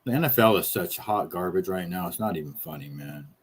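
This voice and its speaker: A man's voice: low-pitched, expressive, fairly quick, slightly rough. A man streaming casual commentary on clips, blunt and heavy on swearing, with fillers as he trails off.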